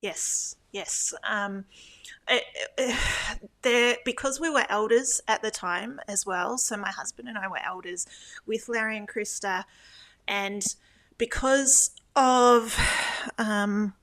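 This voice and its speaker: A woman's voice: medium pitch, slow pace, fairly bright tone. Hesitant, reflective woman interviewee. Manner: reflective, hesitant, many fillers and restarts. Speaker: guest, former church elder.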